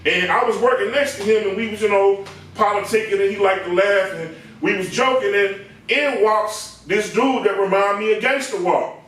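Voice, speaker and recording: A man with a high-pitched voice spins a slangy, animated barbershop tale and acts out the people in it. The recording is distant from the mic and very echoey, as if caught from across a bare room. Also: normal speed. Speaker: barber and comedic storyteller. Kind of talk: comedic storytelling.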